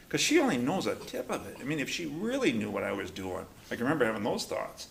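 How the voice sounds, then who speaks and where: Conversational and animated, this recovery study class leader acts out quotes while teaching. His gravelly, medium-pitched voice moves fairly quickly with hardly any pauses.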